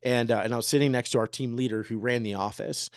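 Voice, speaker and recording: A man in his thirties, a real estate agent giving an energetic, joking motivational talk and peppering the room with rhetorical questions. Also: mid-range voice, quick pace, no echo, studio quality. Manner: joking, upbeat. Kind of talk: motivational presentation to an audience.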